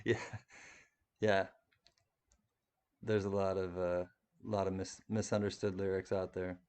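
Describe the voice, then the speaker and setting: Guy chatting on a livestream, lowish voice, rambly, laughs a lot. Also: level tone, unhurried, darkish tone, clean tone. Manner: rambling, chatty, laughs often, many restarts. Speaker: livestream host reading chat. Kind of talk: casual live-stream chat.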